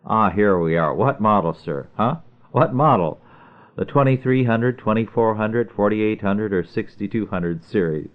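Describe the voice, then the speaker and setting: A man playing a fussy parts-store clerk who reels off every option in a prim, pedantic tone. The voice stays low. The sound is thin and tinny, like a phone line. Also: normal speed, hardly any pauses, natural voice.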